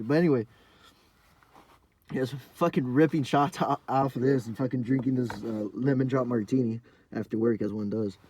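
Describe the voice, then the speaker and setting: A young man hosting a podcast, telling a rambling, profane story in a casual monologue full of fillers, sometimes dropping to a low mumble. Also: darkish tone, a little hiss or hum. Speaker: podcast host.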